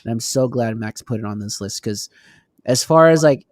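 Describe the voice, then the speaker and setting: A man co-hosting a casual podcast chat, animated and swearing now and then. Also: medium pitch, moderate pace, dry recording, clean studio sound. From Texas. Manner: animated, swears, laughs often. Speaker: podcast co-host.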